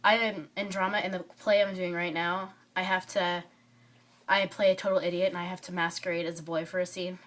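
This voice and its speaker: A woman's voice: fairly low pitch, fairly quick. A woman with a cold giving a chatty, rambling book review vlog, full of fillers and tangents. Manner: rambling and excitable, many fillers, drifts off topic. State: stuffy from a cold.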